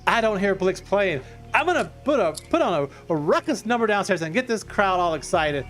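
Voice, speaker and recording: A man's voice: sits high, brisk, soft background music. A man doing a cocky, showy bard. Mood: excited. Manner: excited and showy.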